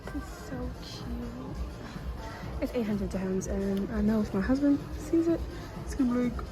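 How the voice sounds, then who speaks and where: A woman talking casually to her phone camera in a vlog, excitable and chatty, full of fillers. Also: mid-range voice, a little fast, over music, rough recording. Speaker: vlogger. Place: outdoors, then a station café and shops. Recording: outdoor noise behind the voice.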